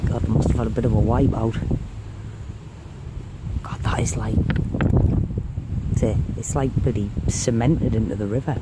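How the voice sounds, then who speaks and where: Casual male vlogger mutters slow commentary while searching the river bank, camera mic, clear outdoor noise behind. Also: mid-range voice, fairly even intonation. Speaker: mudlarker. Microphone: handheld camera mic.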